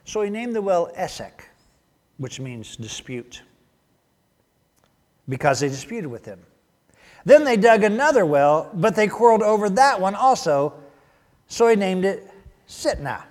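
A man preaching a sermon, telling the story in an animated way that swings from loud bursts to hushed asides. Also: high-pitched, measured pace, long pauses. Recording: long hall reverb.

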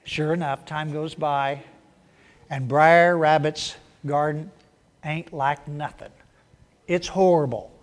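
A man's voice: on the high side, fairly even intonation, slow pace, long pauses. A man preaching a sermon, who tells a folksy animal story in down-home speech. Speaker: pastor.

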